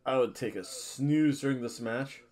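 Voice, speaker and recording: A man's voice: medium pitch, unhurried, a little mellow. Guy rambling on his vlog, jokey asides, hyping himself up, regular mid voice. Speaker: wrestling vlogger. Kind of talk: casual rambling predictions vlog.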